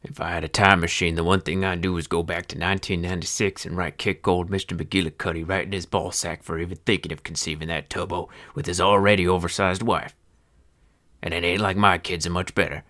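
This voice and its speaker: An actor playing a bitter old horse-feed seller near seventy, who narrates in a deep voice with an old-timey Western twang and talks in a grumbling, sardonic, cursing folksy way. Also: male voice, flat delivery, brisk, pushed and bright. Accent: old-timey Western American twang. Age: older. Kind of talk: film narration.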